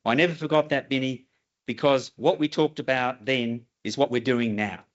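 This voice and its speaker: A man giving a formal ceremony speech, telling anecdotes with halting restarts. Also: mid-range voice, fairly even intonation. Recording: slightly dull lo-fi recording.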